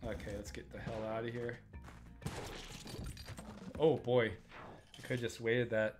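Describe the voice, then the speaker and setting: A man's voice: mid-range voice, level tone, takes it slowly, pauses often, faint music behind. A man hosting a live stream, giving casual gameplay commentary, muttering to himself and chatting with viewers as he plays.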